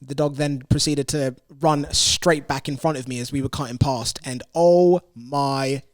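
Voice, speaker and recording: A man's voice: mid-range voice, steady tone, a little slow, no echo, clean studio sound. A young man hosting a casual podcast, telling a story animatedly and laughing often. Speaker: podcast host.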